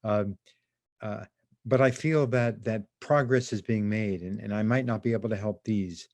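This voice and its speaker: An older man with a fairly low voice, recorded dry and close on a video call. He talks haltingly, repeating and restarting his words as he goes. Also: fairly even intonation, a little mellow, no echo. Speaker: animal rights lawyer, guest. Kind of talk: casual conversation.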